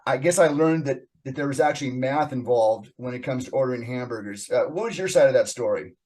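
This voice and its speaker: A man's voice: mid-range voice, brisk, a little mellow. A man hosting a podcast, chatting in a casual, friendly way and laughing easily. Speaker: podcast host. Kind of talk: casual interview chat.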